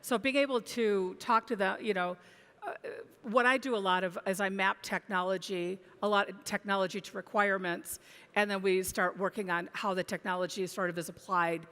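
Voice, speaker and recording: A woman's voice: medium pitch, fairly even intonation, moderate pace, a bit bright. A woman analyst speaking on a conference panel, thoughtful, with many restarts and fillers. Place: conference stage. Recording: long hall reverb.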